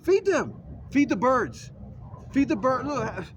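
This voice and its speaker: A man's voice: very high-pitched, big pitch swings, takes it slowly, a bit bright, slight background noise. A man ranting argumentatively in a casual vlog, recorded in a vehicle.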